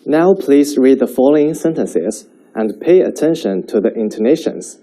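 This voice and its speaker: A man teaching a Chinese language lesson, speaking slowly and clearly so learners can repeat after him. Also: mid-range voice, animated, mellow, rough recording. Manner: slow, clear modeling of sentences for repetition.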